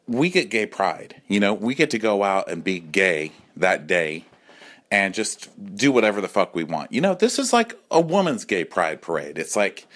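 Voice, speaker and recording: Campy, animated man in his forties. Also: sits low, normal speed. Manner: campy, animated, profane, acts out voices. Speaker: comedy podcast host. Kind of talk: comic monologue. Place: home.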